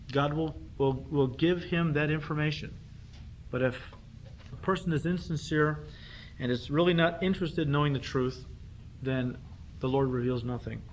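A man's voice: a little high, normal speed, a little hiss or hum. A man preaching a conversational sermon, teaching through a Bible passage with emphatic rhetorical questions. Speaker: pastor.

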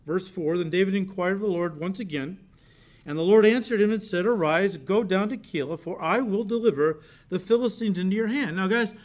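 A man's voice: high voice, a little fast, darkish tone. A male pastor giving a conversational expository sermon, calling his listeners "guys" and acting out quoted lines with rising emphasis.

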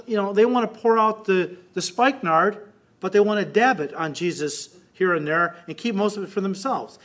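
A man preaching a sermon in an animated way, acting out the voices of the people and God as he speaks. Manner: animated, acts out quoted voices with rising pitch. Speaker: pastor.

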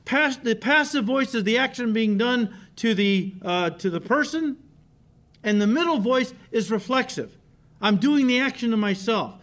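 High-voiced animated male pastor preaching. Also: moderate pace. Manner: animated preaching, often saying "listen" and "okay". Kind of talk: sermon.

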